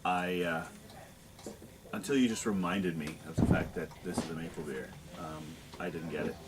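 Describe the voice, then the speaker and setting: A man guest-reviewing beer in a casual chat, lively and talking over the others. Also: deep voice, moderate pace. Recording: loud background noise.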